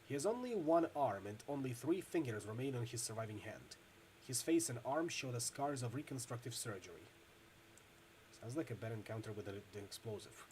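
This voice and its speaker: A man narrating a video game's text aloud, steady and descriptive with occasional slips. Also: medium pitch, a little fast, slight background noise. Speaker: narrator reading a video game.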